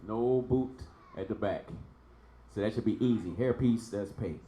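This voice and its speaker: Patient male language teacher, slightly low voice, echoey room. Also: moderate pace, mellow. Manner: patient, repeats sounds for drilling. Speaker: Hebrew teacher. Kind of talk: online language lesson.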